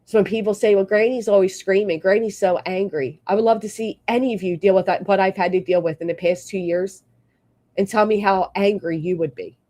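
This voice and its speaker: A woman's voice: mid-range voice, steady tone, fairly quick, dark tone. A woman livestreamer ranting bluntly with plenty of swearing, between thanking her members. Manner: blunt, profane, fired-up. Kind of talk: live stream rant and member shout-outs.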